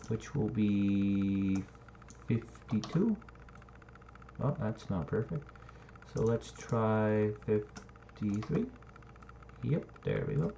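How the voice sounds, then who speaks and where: Deep-voiced man rambling while building. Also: animated, drawn-out words, pauses often, mellow. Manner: rambling, thinking aloud, swears casually. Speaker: game map builder. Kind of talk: casual screen-recording commentary. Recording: dull lo-fi mic with faint noise and typing.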